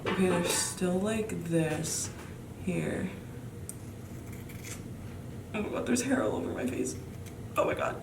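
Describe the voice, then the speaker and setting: A nervous, giggly beauty vlogger chats casually from a room at home, exclaiming often. Her voice is lowish and slow, with long pauses. The room is echoey, the mic sits a bit far away, and there's noticeable background noise.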